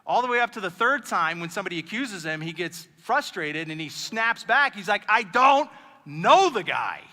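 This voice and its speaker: Bright-voiced male pastor in a reverberant hall. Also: high-pitched, a little fast. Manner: animated storytelling, acting out quoted lines. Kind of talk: sermon. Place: church auditorium.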